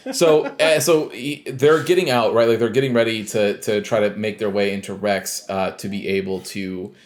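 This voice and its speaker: A man co-hosting a podcast, casually retelling a video game scene with lots of fillers and quoted lines. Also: fairly low pitch. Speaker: podcast co-host. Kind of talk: casual chat recapping a game.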